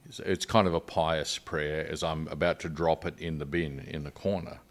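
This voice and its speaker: A man's voice: a bass voice, fairly even intonation, moderate pace, hardly any pauses. An older man with an Australian accent, a missionary guest telling his story earnestly in a podcast interview.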